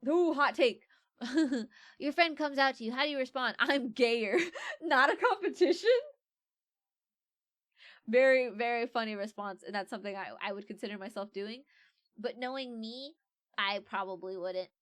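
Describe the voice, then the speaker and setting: A woman doing a bright, high-ish young streamer with a dry, close sound, playfully riffing on quiz questions. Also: animated, normal speed, pauses often, no echo. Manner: playful, reads quiz questions aloud and jokes about them. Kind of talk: casual livestream chat.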